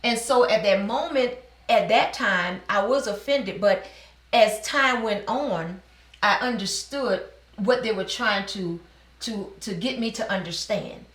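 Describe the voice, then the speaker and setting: A middle-aged woman from New Orleans, a business owner telling her personal story in an interview, animated and acting out the dialogue she quotes. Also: medium pitch, a little slow, recorded from a distance. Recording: echoey room.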